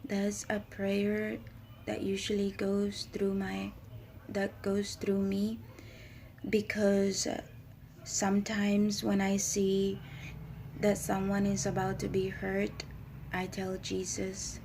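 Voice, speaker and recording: A woman speaking haltingly about her own writings and faith, often pausing and searching for words. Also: mid-range voice, monotone, gravelly, darkish tone, a little hiss or hum. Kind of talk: personal spoken reflection on faith.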